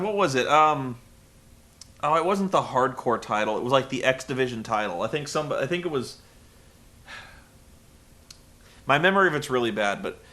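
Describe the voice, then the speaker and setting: A man's voice: mid-range voice, pushed and bright. A man hosting a casual, rambling recap of a wrestling show. He is profane and sarcastic. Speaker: podcast host.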